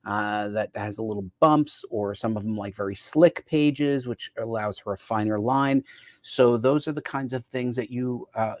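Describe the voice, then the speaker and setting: Male show host, playful and chatty, dry close mic, mid-pitched voice. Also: no echo. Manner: upbeat, playful, frequent fillers. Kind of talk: casual chat about gifts.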